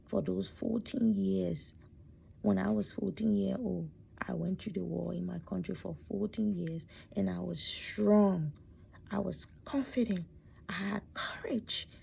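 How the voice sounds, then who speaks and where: Middle-aged woman talking low in her bedroom, gravelly and kinda mellow, half whispering, close to crying. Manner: soft and reflective, often dropping to a near whisper; emotional, close to tears. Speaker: vlogger telling her life story. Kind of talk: personal storytelling.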